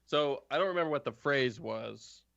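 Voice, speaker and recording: A man in the game master's seat, talking in a loose, chatty way with plenty of fillers. His voice sits at an ordinary middle pitch. The sound is dry and a bit dull, like lo-fi stream audio. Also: moderate pace, vocal fry, fairly bright tone, no echo. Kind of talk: running a tabletop game on a live stream.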